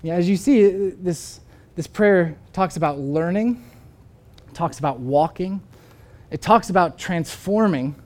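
A man's voice: high-pitched, slow. A man preaching a sermon as a pastor, telling a story earnestly before closing with a prayer.

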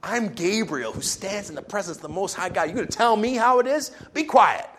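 Man doing a stern male angel: casual slangy messenger, a touch high. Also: moderate pace, slight background noise. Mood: indignant. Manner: casual, modern slangy paraphrase.

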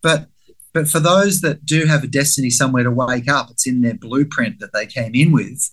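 A man's voice: medium pitch, normal speed. Candid man telling a story. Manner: candid, profane, acts out his own inner voice. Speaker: guest. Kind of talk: conversational storytelling.

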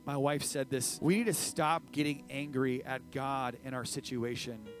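A man preaching a sermon in a lively, joking way, swinging between loud and quiet. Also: medium pitch, moderate pace, music in the background, rough recording. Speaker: pastor.

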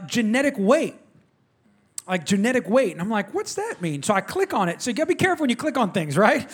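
A middle-aged man, preaching a sermon in an animated, conversational way and talking directly to his congregation. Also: high-pitched. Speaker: pastor. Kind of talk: sermon with personal storytelling.

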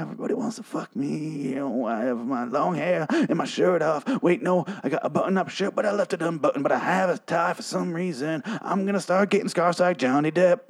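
A man putting on a vain, self-adoring male rock singer who brags in a smug, drawn-out voice. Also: fairly high pitch, breathy edge, voice pushed up, full character voice.

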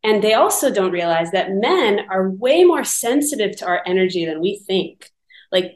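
A woman with a mid-range voice hosts a casual podcast interview, asking curious questions and affirming her guest. Her voice carries an echoey room sound. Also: medium pitch. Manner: curious and affirming, quick back-channel responses. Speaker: podcast host.

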